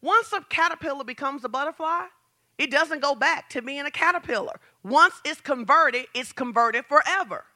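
A woman pastor preaching a lively sermon, asking the congregation questions and building to shouts. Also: sits high, normal speed. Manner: talks straight to the congregation with questions.

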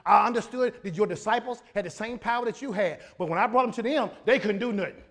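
A man's voice: sits high, quick pace, fairly bright tone, pitched below the performer's own voice. A man preaching who acts out a desperate father begging for help, in a pleading, folksy way.

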